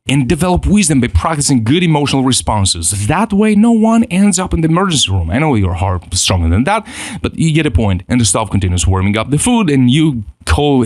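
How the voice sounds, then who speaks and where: A man giving a spoken self-improvement course lesson, talking in an animated way, acting out inner voices and often restarting his sentences. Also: medium pitch, dry recording.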